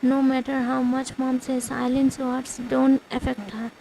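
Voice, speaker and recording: A woman narrates a fan fiction story in a slow, subdued, first-person telling. Her voice is high but stays level, with a mellow, dark tone and faint background noise. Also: flat delivery, gravelly, rough recording.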